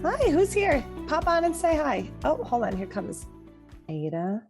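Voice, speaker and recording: A woman's voice: sits high, big pitch swings, unhurried, music in the background. A woman co-hosting a live podcast on anxiety, chatting casually and greeting viewers with frequent laughs. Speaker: podcast co-host and anxiety coach. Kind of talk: casual live-stream chat.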